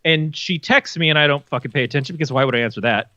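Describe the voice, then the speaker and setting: Bright-voiced swearing podcast co-host man. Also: fairly high pitch, rapid-fire, no echo, dull audio. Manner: swearing, animated storyteller. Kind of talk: casual chat.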